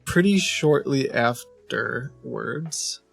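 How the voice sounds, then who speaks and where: A man's voice: mid-range voice, animated, drawn-out words, gravelly, fairly bright tone, breathy edge, soft background music. A man hosting a stream, chatting casually and telling an amused story. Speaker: streamer host.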